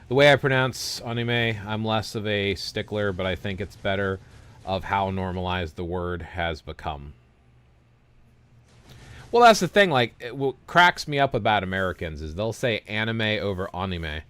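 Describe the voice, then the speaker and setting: A man's voice: sits low, a bit bright, clean tone, no room sound. A young man hosting a gaming livestream, chatting casually with viewers in a rambling way that keeps circling back on itself. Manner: rambling, self-interrupting storyteller.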